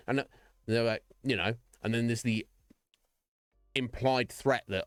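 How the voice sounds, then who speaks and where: A man's voice: medium pitch, big pitch swings, moderate pace, pauses often, a bit bright, dry recording, studio quality, soft background music. A man casually chatting on a live stream, ranting animatedly, swearing and acting out little voices.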